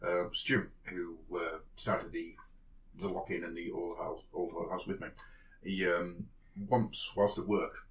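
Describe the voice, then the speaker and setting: A man's voice: sits low, little pitch movement, a little slow, a little hiss or hum. A man from South Africa co-hosting a podcast in casual chat, rambling and hesitant with many fillers. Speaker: podcast co-host, storyteller.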